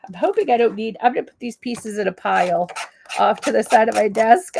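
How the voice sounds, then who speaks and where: A woman's voice: on the high side, gravelly, darkish tone, slight background noise. A woman with a Canadian accent hosting a live crafting demo, rambling in a friendly way while she has a cold and a cough. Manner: rambling, friendly, lots of ums and asides. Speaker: crafting livestream host.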